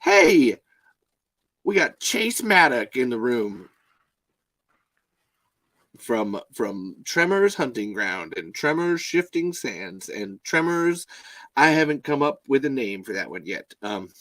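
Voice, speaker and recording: A man's voice: mid-range voice, slow pace, long pauses, dry recording, poor audio. A man hosting a casual live podcast from a home mic, rambling and swearing freely. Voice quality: profane, rambling, animated. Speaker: podcast host.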